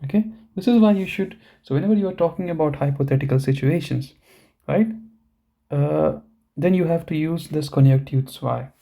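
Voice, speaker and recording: A German teacher with a fairly high, dark-toned voice and vocal fry leads a live online language lesson. He explains things step by step, often checks in with his learners, and pronounces example words slowly and deliberately.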